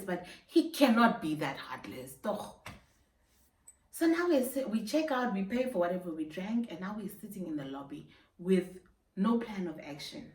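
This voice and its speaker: A young Namibian woman tells a storytime vlog with animated, slangy energy and bursts of laughter. Her voice rings in a roomy indoor space and sits a little away from the mic. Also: fairly low pitch, distant mic. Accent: Namibian English. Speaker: YouTuber. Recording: roomy sound, a bit off-mic.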